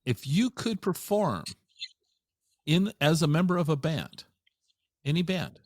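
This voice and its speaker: A man's voice: on the high side, very animated, a little slow, no room sound, clean studio sound. A man hosting a podcast, chatting casually and playfully and laughing often. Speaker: podcast host. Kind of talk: casual interview chat.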